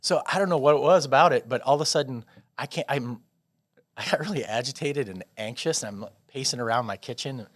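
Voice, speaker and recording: A man guesting on a podcast spins a long personal story, rambling and animated, doubling back on his own words. His voice sits in a middle range, close and dry with no room around it. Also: medium pitch, brisk, no echo. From Des Moines, Iowa. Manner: rambling, animated storyteller with many restarts and laughs. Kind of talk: casual storytelling interview.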